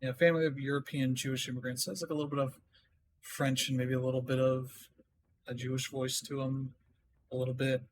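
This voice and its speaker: A man with a flat, mid-range voice talks a little fast while streaming a game, chatting casually and reading up on things. He thinks out loud, half-reading his notes to himself, and a little hiss or hum sits under the audio.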